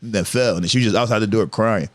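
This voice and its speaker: A man's voice: on the low side, racing. A man in his thirties telling stories in a casual, profane podcast chat, laughing as he goes. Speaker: podcast guest, comedian.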